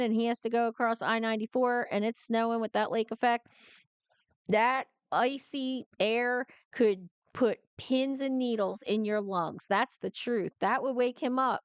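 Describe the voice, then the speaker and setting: A woman with a New Jersey accent, a truck driver giving casual reaction commentary, telling stories in an animated way and laughing as she talks. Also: fairly high pitch, clean tone, no room sound. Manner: animated storytelling, gets fired up and laughs.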